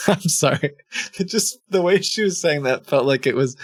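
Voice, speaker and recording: A man's voice: mid-range voice, moderate pace, dry recording, clean studio sound. A man streaming live, making casual, amused asides between readings.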